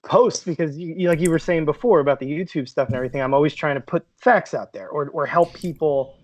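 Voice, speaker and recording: A man's voice: on the high side, fast talker, muffled recording. A man co-hosting a podcast in casual chat, rambling with many fillers and laughing often. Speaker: podcast co-host.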